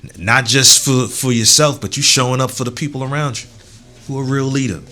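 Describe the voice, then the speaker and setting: A man's voice: mid-range voice, steady tone, fairly quick. A young adult man hosting his own podcast, talking loosely in a casual solo monologue, swearing freely and leaning on "you know what I'm saying.". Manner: swears freely, heated then warm and encouraging. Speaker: podcast host.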